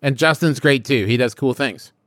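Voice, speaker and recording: A man with a mid-pitched voice reads quick podcast announcements in an easygoing way and tosses in dry wisecracks. The sound is close and dry. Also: a bit bright, dry recording. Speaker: podcast co-host.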